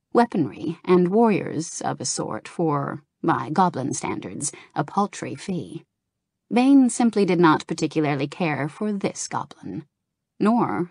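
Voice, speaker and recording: Low, calm female narrator, dry. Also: slightly rough, no room sound. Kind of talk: audiobook narration of a game novel.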